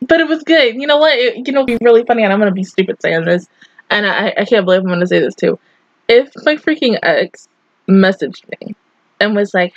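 A young woman with a medium-pitched voice and lively intonation talks fairly quickly through a casual, emotional anime reaction. She laughs between words, swears a lot, and is tearful at times, captured in a muffled recording without echo.

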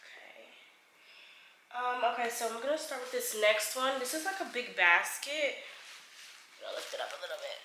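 A young woman talks casually to her camera, gushing over gifts and calling viewers y'all. Her voice is bright and forward, and the room sounds echoey with a faint background hiss. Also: fairly high pitch, lively intonation, normal speed, long pauses. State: expecting a baby. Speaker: vlogger showing baby shower gifts. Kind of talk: casual haul vlog.

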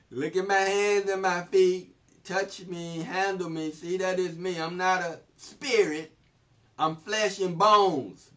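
Guy doing a laid-back risen teacher, high voice, chatty, far off mic. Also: steady tone, slow, bright, forceful tone, heavily acted. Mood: reassuring. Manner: casual, chatty retelling. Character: risen teacher, calm, casual adult man. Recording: distant mic, dull lo-fi sound.

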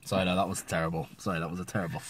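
A man's voice: sits low, level tone, racing, slightly rough, no room sound. A man hosting a comedy vlog with self-deprecating, apologetic asides. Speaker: vlogger.

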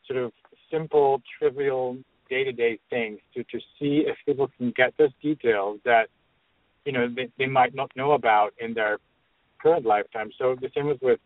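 A man, a hypnotherapist guest, talking in a halting, filler-heavy and amused way. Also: medium pitch, no echo. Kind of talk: casual interview talk. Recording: tinny phone-line radio sound.

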